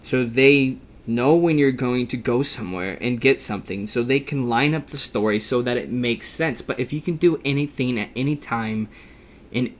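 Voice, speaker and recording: A man's voice: mid-range voice, normal speed. A man giving a casual, opinionated game review, rambling and exasperated, with frequent restarts.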